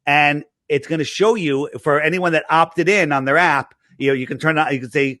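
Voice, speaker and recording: A man chatting in a casual interview, telling animated stories, acting out the dialogue and rambling with many restarts. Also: on the high side, moderate pace, no room sound, clean studio sound. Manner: animated storyteller, acts out quoted dialogue. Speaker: interview guest promoting his app.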